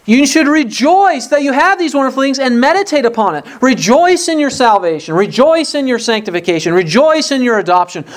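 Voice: high-pitched, sing-song, fairly quick, few pauses. Earnest preacher firing off rhetorical questions. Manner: acts out complaining voices in quotes. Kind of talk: sermon.

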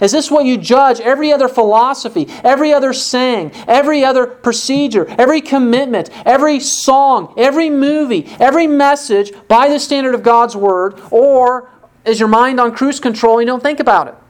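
A woman delivers an expository sermon in a slightly high voice. She walks her listeners through the text, pressing them with rhetorical questions and leaving emphatic pauses. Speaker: preacher.

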